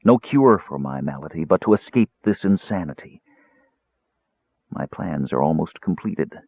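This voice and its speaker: A man putting on a cold, sinister young sorcerer for an audiobook, low and husky, his calm, measured words carried over a thin, phone-like line. The delivery swings with lively, menacing emphasis. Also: dry recording, exaggerated voice. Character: cold, sinister frail young male mage. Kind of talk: audiobook character voice.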